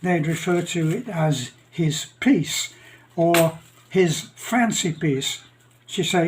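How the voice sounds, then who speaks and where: An older man with a Northern English accent, telling jokes and stories in a rambling, chuckling way with many pauses. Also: a little high. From England. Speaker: channel host. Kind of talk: casual storytelling monologue.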